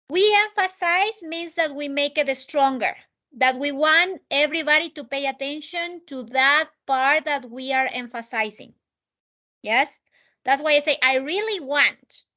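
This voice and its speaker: Casting: woman with a high voice, patient online English teacher, slow delivery. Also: sharp tone. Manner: slow, patient, checks in with students often. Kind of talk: online language lesson.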